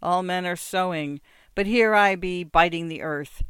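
A man's voice: high voice, a little slow, clear, resonant tone, no room sound, studio quality. A man voicing a drunk, grieving peasant who pleads and threatens through tears. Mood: anguished. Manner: loud, tearful, pleading and threatening.

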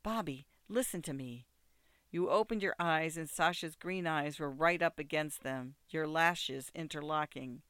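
Guy reading an audiobook, bright clear voice, dead dry studio. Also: fairly high pitch, unhurried, hardly any pauses, no echo. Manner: steady, second-person storytelling. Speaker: narrator. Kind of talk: audiobook narration.

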